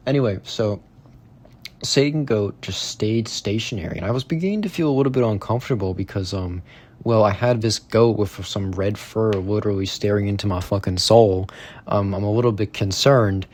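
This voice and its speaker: A man's voice: lowish voice, a little mellow. A man telling a rambling, casual story to his viewers, full of fillers, asides and swearing, in a tone of amused disbelief. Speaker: vlogger.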